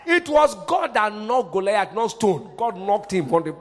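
A male pastor preaching a fervent sermon, jumping from loud shouts down to quiet asides. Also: sits high, very animated, a little slow. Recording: hall reverb.

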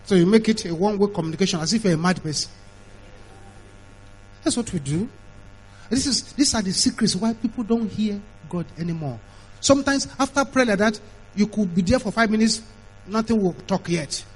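A man's voice: high-pitched, a little fast, long pauses, darkish tone, rough recording. A middle-aged man, preaching an emphatic sermon that is full of repetition and mimicked voices.

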